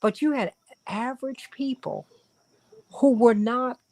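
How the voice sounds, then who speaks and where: A show host in a casual interview who listens closely and jumps in with quick reactions and comments. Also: medium pitch, a little mellow, low-quality recording.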